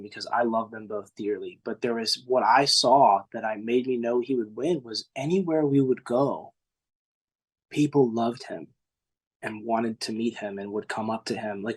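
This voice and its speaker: A man's voice: mid-range voice, slightly rough. Earnest young man in his twenties. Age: 20s. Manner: earnest, halting, emotional, casual with many fillers. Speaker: podcast guest, former singing contestant. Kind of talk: emotional interview recollection.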